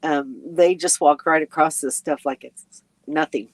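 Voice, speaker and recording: A woman with a fairly low voice chats through a casual live stream. She reads viewer comments aloud and rambles along with plenty of ums and small laughs. She sounds sleepy, and her voice comes across dry and close, with no room echo. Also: measured pace. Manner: chatty and rambling, with frequent ums and little laughs. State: sleepy and yawning. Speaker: RV travel vlogger hosting a live chat.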